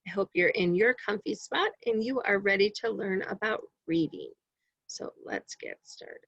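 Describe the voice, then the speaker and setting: A woman's voice: medium pitch, big pitch swings, normal speed, creaky, a bit bright, no echo, dull audio. A woman teacher giving a reading lesson to young children in an encouraging tone, often asking them questions.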